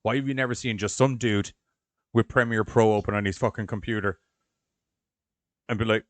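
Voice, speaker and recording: A man's voice: on the low side, steady tone, normal speed, pauses often, no echo. A man co-hosting a casual podcast chat, talking sarcastically and swearing freely. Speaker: podcast co-host and video editor.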